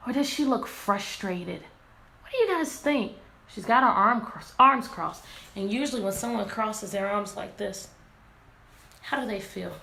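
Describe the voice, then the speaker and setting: A woman teacher leads a lively picture-book read-aloud, asking her class question after question. Her voice sits high with a gravelly edge. The recording sounds echoey, with a faint hiss behind her. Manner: animated, asks the class many questions. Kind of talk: interactive read-aloud lesson. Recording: echoey room, faint background noise.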